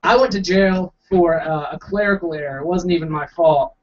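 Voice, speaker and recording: Performing in a small coffee house with crowd noise around him, a young stand-up comic tells rambling, self-mocking stories and acts out the quotes. He speaks at a normal speed in a high voice. The room recording is distant, dull, and lo-fi.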